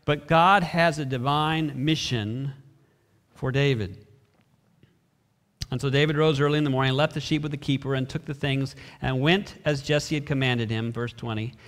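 A man's voice: medium pitch, moderate pace. A man preaching a sermon as a pastor, reading scripture and briefly acting out the characters. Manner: expressive preaching, acts out brief voices of biblical characters. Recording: reverberant hall.

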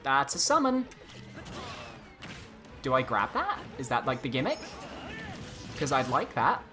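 Animated gamer with game music. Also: male voice, mid-range voice, unhurried. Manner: animated, exclaiming, swings between excited and exasperated. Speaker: gaming YouTuber. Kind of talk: let's play commentary.

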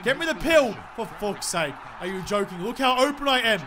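A young man commentating his own football video game, frustrated and profane, yelling at his teammates. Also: very high-pitched, expressive, brisk, a little hiss or hum. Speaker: gaming commentator. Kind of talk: swearing live gameplay commentary.

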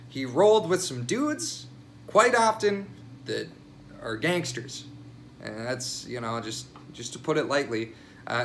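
A man's voice: on the high side, a bit bright, slight background noise. A young man vlogging casual news commentary, crude and sarcastic, swearing freely.

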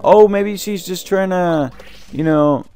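A young man commenting on a video game as he plays, ranting angrily about his family and swearing, his throat sore from yelling. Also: sits high, slow, smooth, faint music behind. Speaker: let's play host. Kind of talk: gameplay commentary.

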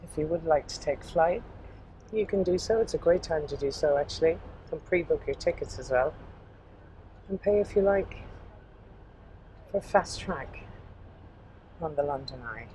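A woman's voice: low-pitched, normal speed, pauses often, low-quality recording. A woman narrating a river boat tour in a chatty, upbeat, informal way, recorded on an outdoor deck with a camera mic. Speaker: tour guide. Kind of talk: narrated walking-tour vlog. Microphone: camera mic, filming herself. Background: loud engine and water noise.

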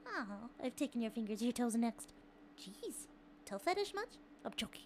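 A young woman streaming live, chatting with her viewers casually, excitable, laughing often and swearing freely. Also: high voice, brisk, slight background noise. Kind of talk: casual chat with a live chat audience.

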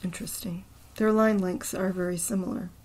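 A woman hosting a casual poetry talk, thinking aloud, unhurried with fillers. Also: on the low side, fairly even intonation, darkish tone. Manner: thinking aloud, murmuring syllable counts under her breath. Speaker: poetry channel host. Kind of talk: casual talk about poems, reading aloud.

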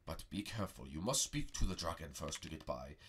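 Guy doing a low pompous old mystic dude, husky, bright edge, grand old-fashioned talk. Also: animated, fairly quick, exaggerated voice. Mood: grave. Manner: grandiose, archaic speech. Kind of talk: plush or Minecraft role-play comedy.

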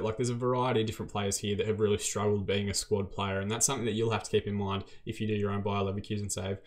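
A young man giving chatty, self-deprecating commentary over his gameplay. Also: on the low side. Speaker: gaming YouTuber.

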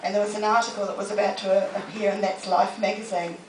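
A middle-aged motivational speaker from New Zealand gives a humorous talk in a public library talk room, telling self-deprecating anecdotes with acted-out quotes. Her mid-range voice is flat and fast, picked up from a distance in an echoey room with a little hiss or hum.

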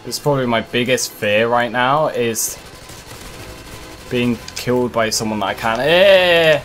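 A man's voice: mid-range voice, measured pace, fairly bright tone, faint music behind. A man commentating over his own gameplay in a frustrated manner, swearing often. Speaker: gaming commentator.

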